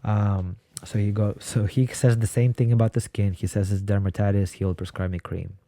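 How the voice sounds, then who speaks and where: Low, flat-voiced man telling his story. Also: moderate pace, no echo. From Ukraine. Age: 20s. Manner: blunt, swears freely while telling his story. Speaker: podcast guest. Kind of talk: casual storytelling.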